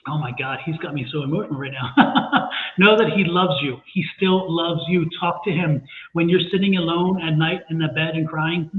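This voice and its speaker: A man's voice: fairly high pitch, normal speed. A man giving a live psychic reading, earnest and reassuring, repeating himself often. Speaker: tarot and psychic reader. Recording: echoey, phone-like line with faint noise.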